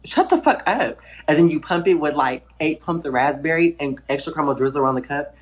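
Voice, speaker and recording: A woman's voice: deep voice, fairly even intonation, fast talker. A woman in her twenties joining a stream, talking in a sassy, playful and brash way. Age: 20s. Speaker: guest. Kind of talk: casual stream chat.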